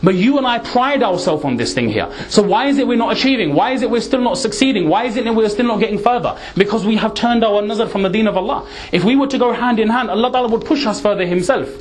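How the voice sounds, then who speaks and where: A man's voice: sits high, animated, fast, hardly any pauses. A man giving an earnest, emphatic sermon, dropping in Urdu, Punjabi and Arabic words. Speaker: Islamic preacher.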